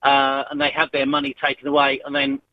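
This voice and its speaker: A man's voice: medium pitch, completely flat delivery, a little fast, dry recording. A man calling in to a radio show, hesitant and restarting his sentences. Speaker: caller. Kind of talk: phone-in call. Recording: dull phone line.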